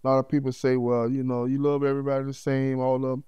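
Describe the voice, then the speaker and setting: A man's voice: mid-range voice, little pitch movement, fast talker, mellow, smooth, no echo, lo-fi sound. A middle-aged man, a podcast guest, telling his life story in a heartfelt, conversational way that is peppered with "you know what I'm saying.".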